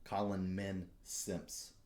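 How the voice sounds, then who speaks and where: A young man with a fairly low voice hosts a casual podcast chat. He talks bluntly, swears constantly and slides into fired-up rants. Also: level tone, very slow, darkish tone. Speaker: podcast host.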